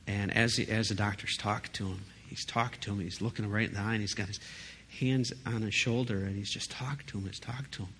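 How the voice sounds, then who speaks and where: A man preaching in a relaxed, conversational way, leaning on emphasis and quick asides. His voice sits fairly low. Faint background noise hums under the recording. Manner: conversational, emphatic, frequent "you know" and "right?". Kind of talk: casual sermon.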